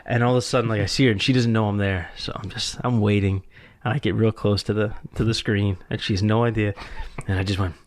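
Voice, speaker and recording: A man's voice: on the low side, fairly even intonation, quick pace. Male podcast host, casual chatty storyteller, frequent laughter. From US Northeast. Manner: rambling storyteller, laughs often, lots of "like". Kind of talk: casual chat.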